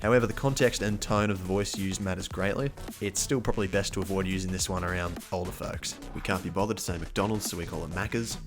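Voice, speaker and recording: A man's voice: low voice, fast, few pauses, music in the background. An Australian man giving a casual, scripted explainer in a wry, blunt way, swearing freely. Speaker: vlogger.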